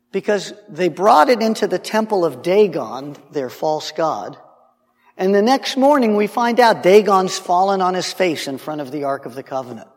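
A man teaching in a conversational sermon style, retelling a Bible story in an animated way with asides and restarts. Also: a little high, big-room sound.

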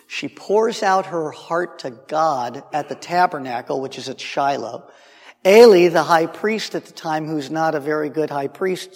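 A man teaching in a conversational sermon style, retelling a Bible story in an animated way with asides and restarts. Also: on the high side, big-room sound.

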